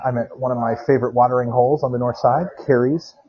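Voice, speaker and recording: A man's voice: medium pitch, fairly even intonation, quick pace, husky. A man co-hosting a podcast by phone while walking into a bar, rambling and laughing as he tells stories. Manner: rambling storyteller, laughs often. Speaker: podcast co-host. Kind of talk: casual chat. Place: walking outdoors, then inside a quiet bar. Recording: dull lo-fi phone-call audio.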